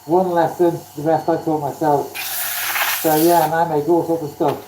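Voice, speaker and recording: A fairly high-voiced man chats away on a live stream, self-deprecating and friendly with his viewers. He sounds set back from the mic in a roomy, echoey workshop, with a faint hum of ambience behind him. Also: little pitch movement, normal speed, far from the mic. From Wales. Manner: chatty, self-deprecating, thanks viewers by name. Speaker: woodturning livestreamer. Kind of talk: casual live-stream chat while working. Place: home workshop.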